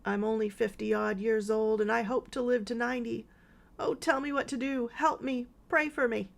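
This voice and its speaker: A woman's voice: a little high, steady tone, normal speed, vocal fry. A woman voicing a frightened, dying woman in her fifties who pleads and confesses in an audiobook. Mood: pleading. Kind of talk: audiobook character reading.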